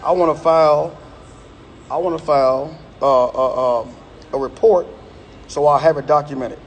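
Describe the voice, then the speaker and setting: A middle-aged man vents into a phone live stream from inside a gym. He talks in a heated, emphatic way and circles back to the same points again and again. His voice sits a little higher than most men's. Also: fairly even intonation, moderate pace, a little hiss or hum. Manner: angry, emphatic, repeats himself. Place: indoor gym.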